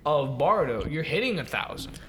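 A man's voice: fairly high pitch, sing-song, brisk, fairly bright tone, slight background noise. A man in his twenties co-hosting a podcast, chatting casually, opinionated and swearing as he argues. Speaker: podcast co-host. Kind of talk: casual chat.

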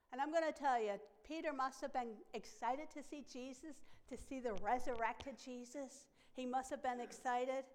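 A woman pastor preaching a sermon, stressing her points by repeating phrases. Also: fairly high pitch.

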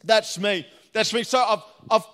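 A middle-aged man from Australia preaching a sermon, energetic and chatty, telling stories with laughs. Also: sits high, a little slow. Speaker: pastor.

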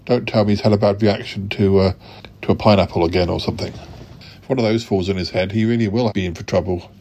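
A man's voice: on the low side, fairly even intonation, fast, a little mellow, a little hiss or hum. A man hosting a comic podcast sketch, talking in an exasperated, indignant way. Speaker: podcast host.

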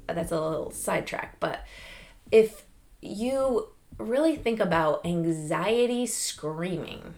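A middle-aged woman hosting a podcast, giving an animated, chatty motivational talk with lots of fillers and laughs. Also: lowish voice. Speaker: podcast host. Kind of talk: casual motivational monologue.

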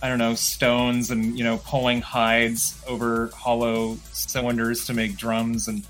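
A man's voice: medium pitch, completely flat delivery, a little slow, fairly bright tone, soft background music. A man joining a casual online chat as a guest, playful and rambling, talking through his computer microphone.

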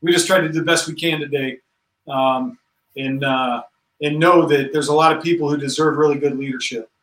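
A man in his forties with a high, bright voice talks about command with emphatic conviction, pressing his points home. He is a bit distant from the mic, and the room gives a noticeable echo. His delivery feels earnest and conversational. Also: steady tone, a little fast. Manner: emphatic and earnest, rising in pitch as he stresses points. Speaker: Army general, podcast guest. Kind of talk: conversational interview talk.

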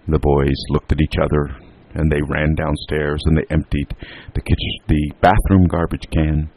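Very deep, gravelly male storyteller. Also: a little mellow, rough recording. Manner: unhurried, homely telling with drawn-out phrases. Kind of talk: storytelling narration.

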